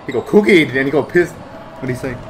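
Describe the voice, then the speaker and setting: Excitable young man, noisy background. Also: mid-range voice, brisk. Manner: excitable, swears a lot, bursts of shouting. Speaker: vlogger reacting to basketball footage. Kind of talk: casual reaction commentary.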